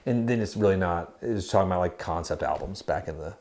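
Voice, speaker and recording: A man's voice: low voice, quick pace, darkish tone. Giggly, rambling Generation X man. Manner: giggly, rambling with many fillers. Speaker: podcast co-host. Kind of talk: casual chat.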